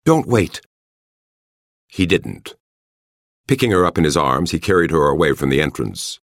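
A man narrating an audiobook in a measured, expressive way. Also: very deep voice, vocal fry, no echo, clean studio sound. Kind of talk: scripted narration.

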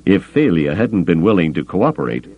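A man's voice: low-pitched, big pitch swings, normal speed, phone-quality sound. A man voicing a mercenary male smuggler captain who talks in a cool, curt, dry way.

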